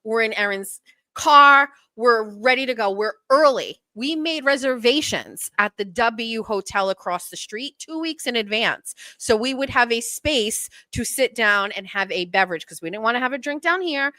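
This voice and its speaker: A middle-aged woman hosts her own show, talking in a bright, forward voice that sits a little high. She tells stories in a loose, chatty way, mocks herself and acts out what other people said. The sound is close and dry. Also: moderate pace, dry recording. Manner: chatty, animated, self-mocking storyteller who acts out quotes. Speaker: podcast host. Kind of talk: casual storytelling chat.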